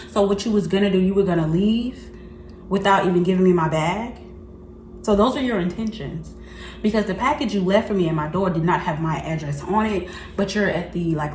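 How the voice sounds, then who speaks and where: A woman's voice: lowish voice, fairly quick, a little hiss or hum. Chatty woman vlogger in an echoey room. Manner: animated, slangy and chatty, often laughing. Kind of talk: casual storytelling to camera.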